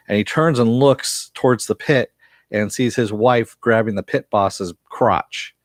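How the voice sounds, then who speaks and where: A man's voice: on the low side, measured pace, no echo, studio quality. A man giving a casual, chatty recap of a TV episode, loose and rambling, with plenty of fillers and the odd curse word. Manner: chatty, loose retelling with frequent uh fillers and mild profanity. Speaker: TV series reviewer.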